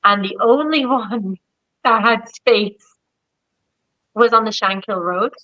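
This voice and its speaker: A woman's voice: takes it slowly, no room sound, highs cut off. A woman with a Dublin Irish accent telling a story in casual chat, acting out quoted voices and laughing often. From Ireland. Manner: acts out quoted voices with big pitch jumps, laughs often. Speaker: guest performer.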